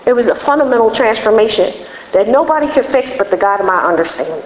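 A woman's voice: a little high, expressive, fast, a little hiss or hum. Woman sharing her story in an echoey hall. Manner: earnest, conversational, frank. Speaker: recovery meeting speaker. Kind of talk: candid personal testimony. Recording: dull, echoey hall recording.

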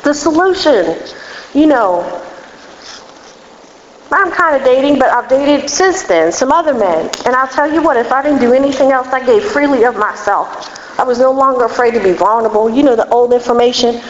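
A woman speaks frankly and earnestly, sharing her own story at a recovery meeting in a candid, conversational testimony. Her voice sits a little high and rings out with a long echo through a large hall. The recording sounds dull, with a faint hum of room ambience behind her. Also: lively intonation, moderate pace.

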